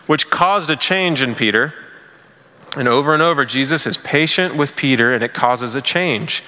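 Bright-voiced man preaching in a hall. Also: medium pitch. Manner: casual, conversational preaching with many "like" fillers. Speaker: pastor. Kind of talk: sermon.

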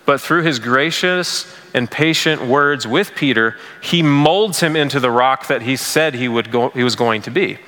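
A man delivering a sermon in a loose, conversational manner, often pausing with "like" and "um". His voice is bright and forward, with a long reverb trailing behind it as if in a large hall. He sits at an ordinary middle pitch for a man. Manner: casual, conversational preaching with many "like" fillers. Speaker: pastor.

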